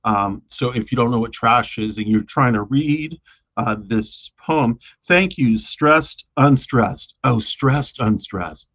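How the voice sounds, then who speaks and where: A man's voice: medium pitch, slow pace, a bit bright, dull audio. A man chatting casually on a live stream about his own poems, hesitant and self-deprecating, with lots of fillers.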